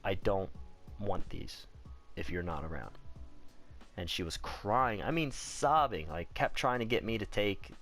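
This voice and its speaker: A man's voice: fairly low pitch, lively intonation, unhurried, fairly bright tone, faint music behind. A young man telling a personal story in a casual vlog, candid and rambling, swearing freely and saying "like" a lot. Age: young adult. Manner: candid, profane, rambling, heavy on "like".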